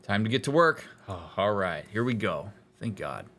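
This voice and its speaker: A therapist giving let's-play commentary in a reflective, analytical way, with casual fillers. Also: male voice, lowish voice, sing-song, normal speed, a bit bright. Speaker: therapist playing a game.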